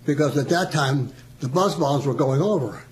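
A man's voice: a little high, normal speed, slight background noise. An older man, a veteran, chatting through his war memories with frequent chuckles. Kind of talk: storytelling oral history.

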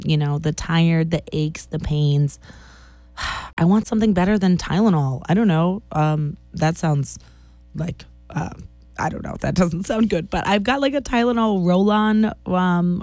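A woman's voice: lowish voice, darkish tone, no room sound. A woman in her thirties, a radio DJ, chatting casually on air, tired and a bit short of breath, rambling with fillers.

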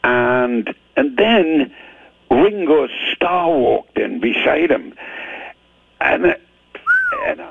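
Heard over a tinny phone line on the radio with background noise, the older Geordie rocker from Newcastle, England chats casually and self-deprecatingly, often restarting his stories. His mid-range voice swings widely in pitch, with drawn-out words, vocal fry and long pauses.

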